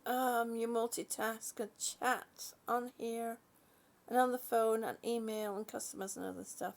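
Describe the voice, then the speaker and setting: A woman hosting a relaxed live chat from her home, greeting viewers by name, yawning, laughing and often losing her train of thought. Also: fairly high pitch, measured pace, creaky. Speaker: livestream host.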